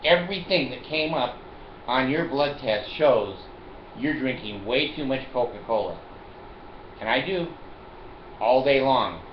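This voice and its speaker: A man's voice: medium pitch, animated, a little slow, long pauses, a little hiss or hum. Rambling older man joking in a roomy room. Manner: rambling, joking, laughs often. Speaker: vlogger. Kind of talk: casual monologue to camera. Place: at home in a chair. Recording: roomy, dull home recording.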